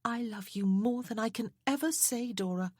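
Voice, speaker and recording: An impulsive, affectionate young woman, voiced by a woman reading a storybook. She speaks a little higher than the narration, with a faint husk. The audiobook recording is close and dry. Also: normal speed, darkish tone, no room sound, natural voice. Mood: earnest. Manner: impulsive, earnest. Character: young woman, newly wed, emotional, affectionate.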